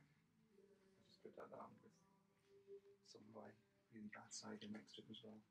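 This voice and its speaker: A man's voice: medium pitch, fairly even intonation, moderate pace, long pauses. A man playing in a tabletop game, talking casually, often stopping to correct himself and laughing easily. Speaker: player. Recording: roomy, distant mic, noisy.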